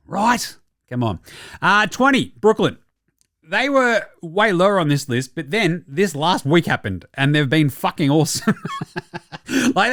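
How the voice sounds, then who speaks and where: A man's voice: fairly high pitch, dry recording, studio quality. Sweary guy ranking teams. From Australia. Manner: profane, animated, mock-quoting players and himself. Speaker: basketball podcast host. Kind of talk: casual sports commentary.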